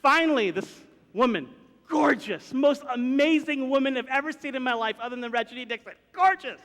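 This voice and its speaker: A man telling a personal story to a live audience, animated and acting out the voices and sounds in it. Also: very high-pitched, brisk. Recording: long hall reverb.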